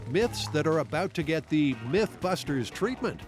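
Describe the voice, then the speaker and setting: A man giving scripted documentary narration with a lively, playful delivery. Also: fairly high pitch, normal speed. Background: music.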